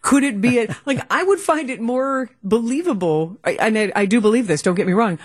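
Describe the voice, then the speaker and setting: A woman's voice: on the high side, lively intonation, fairly quick. A woman co-hosting a radio talk show, chatting casually and animatedly with many restarts. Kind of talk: casual chat.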